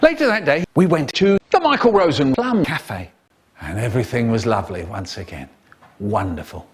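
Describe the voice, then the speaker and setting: A man's voice: medium pitch, big pitch swings, moderate pace, husky. An older man telling a comic story with sing-song sound-effect words.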